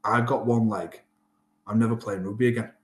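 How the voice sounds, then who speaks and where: A man in his thirties, a rugby player from England with a Yorkshire accent, talks a little fast in a fairly low voice. Telling his story in a relaxed interview, he's animated and voices what people said, and the recording carries a roomy echo.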